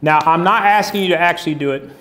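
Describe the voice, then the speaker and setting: Man, preacher, high-pitched voice, folksy and joking, questions for the congregation, object-lesson sermon. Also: fast talker, bright, forceful tone. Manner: folksy, humorous, asks the crowd questions. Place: church stage before a congregation.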